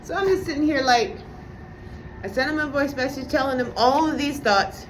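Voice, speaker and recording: A woman's voice: high voice, moderate pace, a bit bright, slight background noise. A woman vlogger ranting in a casual monologue, profane and sarcastic as she vents about a friend.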